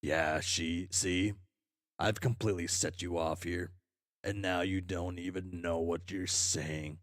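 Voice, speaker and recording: A man reading aloud as a furious, foul-mouthed young male troll, ranting and swearing at himself in shouted tirades. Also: deep voice, steady tone, slow, no echo, clean studio sound.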